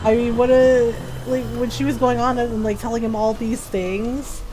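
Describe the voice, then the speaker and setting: A woman's voice: a little high, level tone, moderate pace, over music. Chatty woman game streamer. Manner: chatty, laughing often, many fillers. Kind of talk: casual live-stream chat while gaming.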